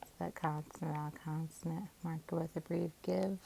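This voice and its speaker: A woman teacher calmly walking through syllable division, sounding out each part of a word. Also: low-pitched, moderate pace, gravelly, slightly rough, low-quality recording. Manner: calm, methodical, sounds out syllables. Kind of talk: phonics lesson, syllable division.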